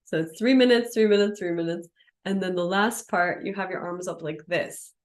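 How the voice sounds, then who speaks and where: A woman's voice: fairly low pitch, moderate pace. Casual woman teaching a yoga class. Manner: casual, explaining and demonstrating moves. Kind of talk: live online class instruction.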